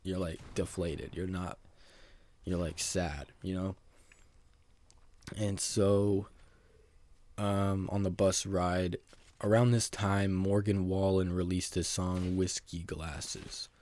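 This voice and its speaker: Deep-voiced young man rambling a storytime. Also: fairly even intonation, slow pace, long pauses, a little mellow, dry recording. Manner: rambling, heavy use of "like" and "bro", self-mocking. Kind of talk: casual storytime monologue.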